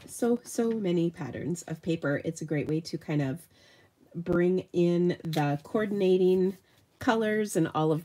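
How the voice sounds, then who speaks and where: Hosting a live card-making session, a middle-aged woman thinks aloud while she works, chatty and self-deprecating. Her voice is fairly low, mellow, and slightly nasal.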